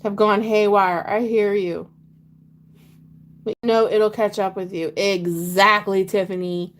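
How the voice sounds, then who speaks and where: Slow-talking woman chatting while she crafts. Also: medium pitch, steady tone. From Pennsylvania. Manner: chatty, whiny and playful, talks to chat and her dog. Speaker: craft livestream host. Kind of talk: casual live chat while crafting.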